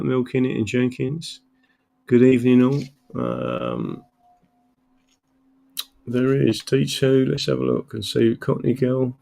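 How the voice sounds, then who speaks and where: A tired man from England hosts a casual live stream, greeting viewers one by one and trailing off into fillers. His middle-pitched voice has a gravelly, creaky edge. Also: darkish tone. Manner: reads out viewer names, rambling with many fillers. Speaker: livestream host. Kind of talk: casual livestream chat. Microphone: computer mic, camera off.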